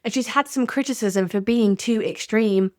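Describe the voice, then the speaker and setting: A woman's voice: a little high, moderate pace, darkish tone, no echo, clean studio sound. Candid woman narrating a podcast. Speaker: podcast host. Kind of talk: scripted narration.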